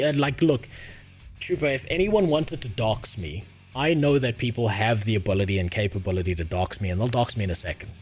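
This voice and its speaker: A South African man with a medium-pitched, slightly rough, somewhat mellow voice chats casually with viewers during a livestream. He reads messages from chat, and his humor is crude and sarcastic, with frequent laughter.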